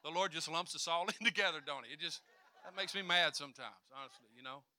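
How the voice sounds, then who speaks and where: A man preaching a sermon, swinging from quiet asides to loud declarations and acting out voices. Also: a little high, fast talker.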